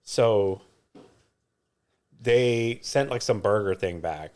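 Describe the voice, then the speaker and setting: A man's voice: lowish voice, slow, darkish tone. A middle-aged man co-hosting a podcast, telling stories in a casual chat and laughing often. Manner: storytelling, laughs often, chatty. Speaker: podcast co-host.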